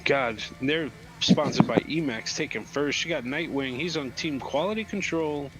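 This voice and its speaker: A man's voice: a little high, normal speed, heavy background noise. A man co-hosting a drone race stream, joking and reading out team standings. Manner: laid-back joking, reads out standings. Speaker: race co-host. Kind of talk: esports race commentary. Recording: faint music behind.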